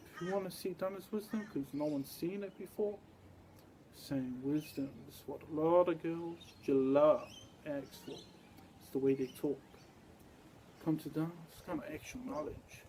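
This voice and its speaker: A man's voice: fairly high pitch, mellow, slight background noise, poor audio. A man giving a rambling, repetitive monologue, sometimes spelling words out letter by letter.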